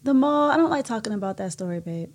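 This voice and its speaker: A woman co-hosts a casual podcast with her husband. Her voice is a little high for a woman, and she mostly backs him up with short replies before telling her own part of the story. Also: lively intonation, quick pace. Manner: supportive, chimes in with short replies. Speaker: podcast co-host. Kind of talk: casual conversation.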